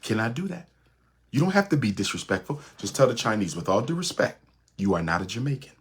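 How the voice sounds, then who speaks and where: A man giving an impassioned lecture in a rhythmic, repetitive preaching cadence, with a husky voice. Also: mid-range voice, sing-song, fast. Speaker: speaker.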